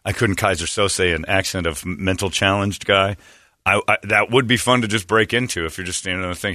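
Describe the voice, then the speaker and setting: A man's voice: deep voice, steady tone, fairly quick, bright, forceful tone, no room sound, studio quality. A man on a casual comedy podcast, telling a rambling self-mocking story and acting out voices.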